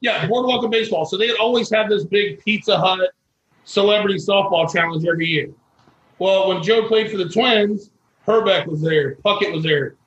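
A man's voice: high-pitched, moderate pace, a bit bright, roomy sound, muffled recording. A man from Florida telling a long personal story as an interview guest, folksy and earnest. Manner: folksy and earnest, with quoted dialogue.

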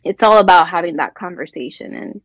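A woman's voice: lowish voice, a little fast, no echo, poor audio. A woman from Colombia, a guest sports journalist, chatting in an interview and acting out the voices in her stories. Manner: animated storyteller, acts out quoted voices. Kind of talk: casual interview chat.

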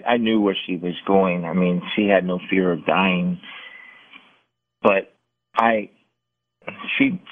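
A middle-aged man telling personal stories in an interview, earnest and halting, often restarting his sentences. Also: low-pitched. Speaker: guest, former football player. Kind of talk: candid interview storytelling. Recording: tinny phone-like audio.

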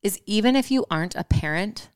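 A woman's voice: mid-range voice, lively intonation, fairly quick, clear, resonant tone, no echo, studio quality. A woman with a Midwestern American accent co-hosting a podcast, talking in a thoughtful, affirming way. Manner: affirming, thoughtful, frequent mm-hmms. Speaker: podcast co-host. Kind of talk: reflective casual conversation.

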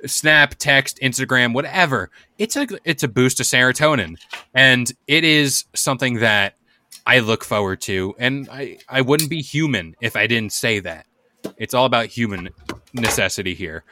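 A man's voice: medium pitch, expressive, normal speed, bright, forceful tone. A man hosting a casual podcast, chatting in a laid-back, rambling, jokey way. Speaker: podcast host. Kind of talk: casual chat.

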